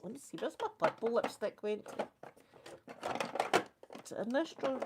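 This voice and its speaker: A Scottish woman chatting casually through a makeup ASMR video, quick and soft-spoken with frequent laughter. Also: on the high side, lively intonation, noisy background. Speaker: ASMR creator doing makeup.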